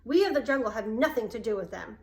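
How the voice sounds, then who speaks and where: A woman's voice: fairly high pitch, lively intonation, fairly quick, natural voice. A woman voicing a stern, earnest old male bear who teaches and scolds a boy in a storybook read-aloud. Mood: angry.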